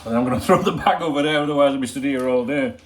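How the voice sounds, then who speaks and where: A man chats loosely to his viewers from home, joking around and swearing without a second thought. His voice sits at an ordinary middle pitch. A faint hiss of noise runs underneath. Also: racing. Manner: chatty and joking, swears freely. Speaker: football channel host. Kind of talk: casual rambling vlog chat.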